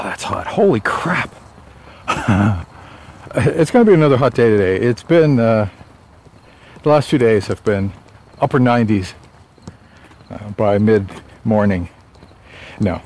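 A man's voice: lowish voice, animated, normal speed, a little mellow, a little hiss or hum. A man talking casually while out walking, chatty and rambling, a bit out of breath. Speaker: author vlogging on a walk. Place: outdoors on a sunny suburban street.

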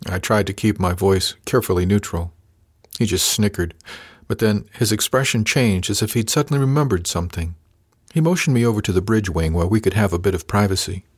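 A man reading a first-person novel aloud as an audiobook narrator, measured and lightly voicing the characters. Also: fairly low pitch, slightly rough, no echo, studio quality.

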